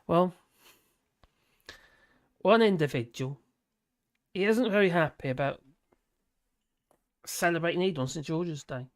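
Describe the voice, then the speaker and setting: A man's voice: fairly high pitch, measured pace, pauses often. A man hosting a live stream, chatting casually with a rambling, chuckling, sarcastic manner.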